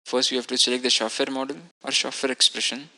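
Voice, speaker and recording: A man with a very bright, forceful tone walks through a technical lecture step by step. His delivery is methodical and explanatory, and he stops now and then to fix a word. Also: medium pitch, little pitch movement, fast, low-quality recording. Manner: methodical, explanatory, self-correcting. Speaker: instructor.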